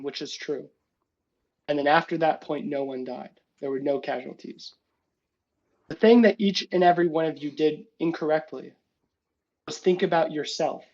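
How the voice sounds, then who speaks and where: A man's voice: a little high, darkish tone, dull audio. A man playing a stern female commander who lectures a team of heroes. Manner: lecturing, exasperated. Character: stern woman commander scolding a hero team.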